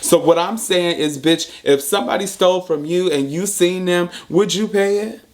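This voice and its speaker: A man's voice: high voice, normal speed. A man telling a story in a casual vlog monologue, blunt and profane, repeating points for emphasis. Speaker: storyteller vlogger.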